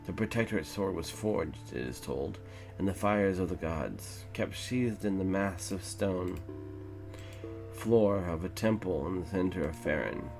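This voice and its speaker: A man's voice: deep voice, a little slow, darkish tone, faint music behind. A man voicing a pleading, frantic old village man with a rattling, British-sounding voice. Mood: urgent.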